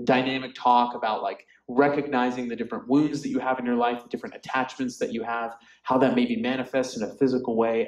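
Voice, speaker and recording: A man leads a Bible study in a relaxed, conversational way, packing his talk with fillers and asides. His voice sits at an ordinary middle pitch. The sound carries the echo of a roomy space. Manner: chatty, filler-heavy, often laughs. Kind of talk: casual Bible study teaching. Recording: echoey room.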